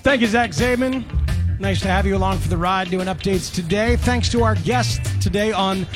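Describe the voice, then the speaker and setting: A man's voice: high-pitched, moderate pace, over loud music. A man hosting a sports radio show, chatting casually and laughing easily from a booth at an auto show.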